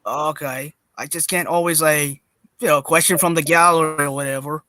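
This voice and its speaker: A man's voice: fairly high pitch, fairly even intonation, normal speed, sharp tone, no room sound. A man chatting as a guest on a livestream, laid-back and rambling. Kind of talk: casual livestream chat.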